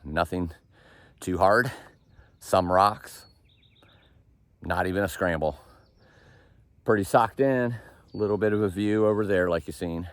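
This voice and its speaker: A man narrating his thru-hike on camera as he walks a forested mountain trail, rambling and laughing at himself, sometimes quieter and further from the mic. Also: sits low, a little slow, pauses often, dry recording. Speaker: thru-hiker vlogging the trail. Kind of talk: casual trail vlog narration.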